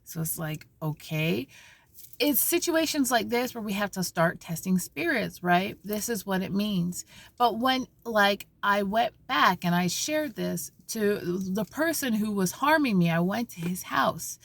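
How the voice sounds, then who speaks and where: A woman vlogging from a parked car, telling a story in an animated, conversational way with many restarts and asides. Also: mid-range voice, unhurried, creaky, no echo. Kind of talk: casual spiritual vlog talk.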